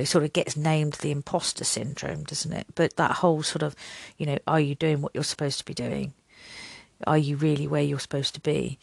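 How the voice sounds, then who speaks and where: An older woman with a lowish voice chats her way through a solo podcast, rambling and laughing at herself as she acts out little back-and-forths. She is recorded close and dry, with no room sound around her. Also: vocal fry, no echo. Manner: rambling, self-deprecating, laughs often, acts out little dialogues. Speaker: podcast host.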